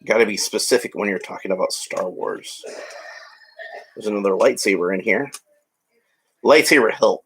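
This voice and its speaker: A man's voice: sits low, creaky, fairly bright tone, husky. A man narrating a toy build in a casual, rambling way with joking asides. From United States. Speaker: hobby vlogger.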